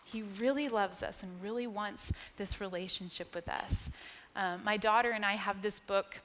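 An American woman in her thirties giving a sermon, telling personal stories in a chatty way, laughing often and dropping to a hush on key points. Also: mid-range voice, normal speed, slight background noise. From United States. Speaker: church speaker. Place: church sanctuary. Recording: long church-hall reverb.

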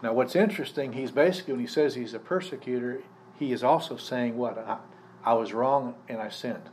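A male pastor preaching at a live church service, talking the congregation through a passage and asking them questions as he goes. His voice sits in an ordinary middle pitch. A faint hum of noise runs under the recording. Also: brisk, darkish tone. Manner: conversational teaching, poses questions to the congregation. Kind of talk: sermon.

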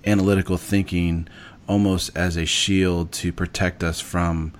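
A man hosting a podcast, speaking reflectively and searching for his words with many pauses and fillers. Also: sits low, little pitch movement. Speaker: podcast host. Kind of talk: casual podcast conversation.

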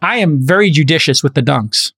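A man in his fifties hosting a casual podcast chat, his voice gravelly with fry and sitting a bit high. He talks in an emphatic, preachy way, driving his points home. The recording is dry, with little room sound. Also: animated, fairly quick, bright, forceful tone, no echo. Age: 50s. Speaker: podcast host and investor.

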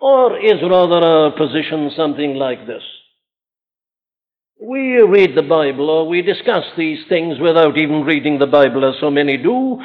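A man's voice: a little high, lively intonation, normal speed. A man preaching a sermon, earnest and emphatic, asking his listeners rhetorical questions. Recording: tinny narrow-band archive recording.

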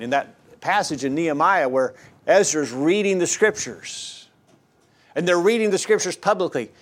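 A middle-aged man preaching a sermon in an earnest, emphatic way, often repeating his key phrases. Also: on the high side.

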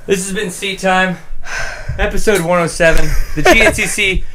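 Man, Texan accent, young adult, out of breath, joking podcast host, slightly high voice. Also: fairly even intonation, moderate pace, sharp tone, slight background noise. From Texas. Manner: joking, flustered, laughing between phrases. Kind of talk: casual show wrap-up chat.

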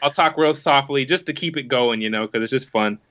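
A man co-hosting a podcast, chatting casually and tripping over his words as he rambles on. His voice sits at an ordinary middle pitch. The audio comes through slightly muffled. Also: brisk, a bit bright. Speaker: podcast co-host.

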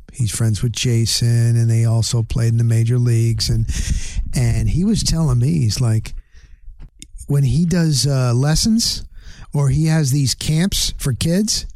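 A middle-aged man hosting his own podcast, chatting bluntly and rambling through a solo wrap-up. His voice is mellow and dark, sitting at an everyday pitch. The recording is dry and close, with no room around it. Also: no room sound. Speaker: podcast host. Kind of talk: casual solo outro monologue.

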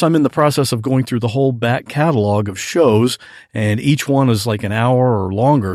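A man's voice: medium pitch, dry recording, clean studio sound. A man leaving a recorded message for a podcast host, talking about a favorite show in a storytelling way. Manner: animated storytelling. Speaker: podcast guest caller.

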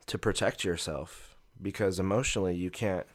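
Very deep-voiced man, earnest. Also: fairly even intonation, normal speed. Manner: earnest, reflective. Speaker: podcast guest. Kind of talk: personal storytelling in conversation.

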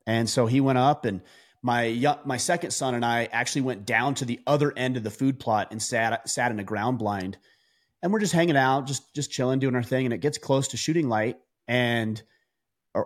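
A man, a podcast guest, telling stories in a casual conversational way, animated, with frequent restarts and fillers. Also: medium pitch, normal speed.

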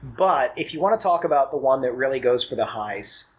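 Male podcast co-host, husky, relaxed explainer. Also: medium pitch, brisk. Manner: informative, easygoing, laughs often. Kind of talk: casual music chat.

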